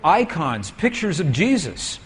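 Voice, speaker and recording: A man with a husky voice pitched a little high tells a story while lecturing from slides. He speaks unhurriedly and keeps turning to his audience with questions. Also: sing-song, unhurried.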